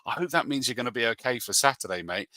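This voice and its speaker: Matey man, sharp bright voice. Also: mid-range voice, expressive, fast talker, no echo. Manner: chatty and matey, calls people mate. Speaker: motorsport commentator hosting a live show. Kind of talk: casual live-stream chat, reading viewer comments.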